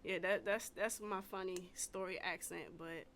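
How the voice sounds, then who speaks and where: A woman from D.C. with an accent that mixes D.C., Baltimore and North Carolina, hosting a podcast and telling stories in an animated, slangy way. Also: lowish voice, measured pace, slight background noise. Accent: mix of D.C., Baltimore and North Carolina. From Washington, D.C. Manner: animated storyteller, slangy and laughing. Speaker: podcast host. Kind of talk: casual interview chat.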